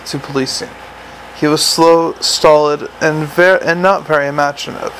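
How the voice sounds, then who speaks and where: A man reads a novel aloud in a dry, measured manner. His voice is gravelly and sits slightly high for a man, with a faint hum behind it. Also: fairly bright tone, low-quality recording. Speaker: audiobook narrator. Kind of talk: scripted narration.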